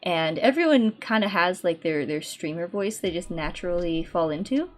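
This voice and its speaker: A woman's voice: fairly low pitch, lively intonation, moderate pace. A young woman streaming while she paints, rambling in casual chat with lots of fillers and restarts. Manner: rambling and chatty, many "like"s and restarts. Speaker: VTuber streamer.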